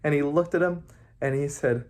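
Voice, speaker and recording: A young adult man, a camp counselor, telling a campfire story with sound effects and shouts. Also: fairly high pitch, moderate pace.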